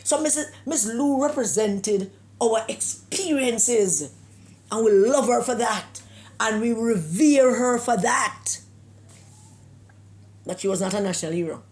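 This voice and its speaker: A woman's voice: on the high side, unhurried, a little mellow. Emphatic Jamaican woman scornfully ranting. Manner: emphatic, scornful rhetorical questions, slips into patois. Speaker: political commentator. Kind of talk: opinion monologue.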